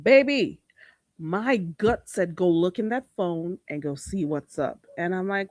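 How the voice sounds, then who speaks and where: A sassy, blunt woman chats casually with her livestream viewers. Her pitch swoops widely as she talks. The sound is dry and close. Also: a little slow, no echo. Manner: blunt and sassy, with lots of "baby" and "you hear me"; animated, swinging between loud outbursts and laughter. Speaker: livestream host.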